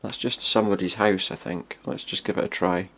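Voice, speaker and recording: A man's voice: low voice, steady tone, brisk, a bit bright. A man casually commenting on a role-playing game he is playing, chatty and thinking aloud as he goes. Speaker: gaming streamer. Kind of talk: casual let's-play commentary.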